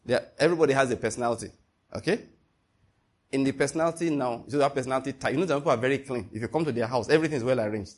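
A male preacher, emphatic and animated, rattles off rhetorical questions to his listeners one after the next. He speaks very fast at a medium pitch.

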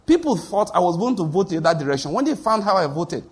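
Husky pastor preaching. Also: male voice, high-pitched, very animated, fast talker. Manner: storytelling, acts out quoted voices, laughs at his own anecdotes. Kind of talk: sermon.

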